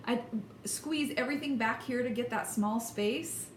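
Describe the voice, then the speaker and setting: A woman's voice: a little high, unhurried, slight background noise. A woman teaching a vocal lesson, explaining technique in an encouraging, emphatic way. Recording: echoey room with instrument playing.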